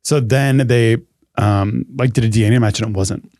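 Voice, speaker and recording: A man in his thirties co-hosting a podcast, relaxed, recapping a story with many ums and likes. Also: mid-range voice, moderate pace, dry recording, studio quality. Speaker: co-host. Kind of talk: casual podcast chat.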